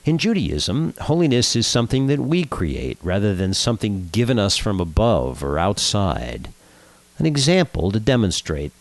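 A man's voice: lowish voice, normal speed, no room sound. A man from Southern California hosting a radio show, telling jokes and giving a short Torah talk. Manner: lively, animated storytelling.

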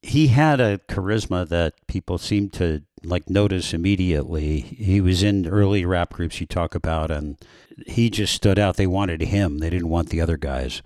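A man's voice: low-pitched, moderate pace, a little mellow, dry recording, studio quality. A man interviewing an author, asking conversational questions and giving short reactions.

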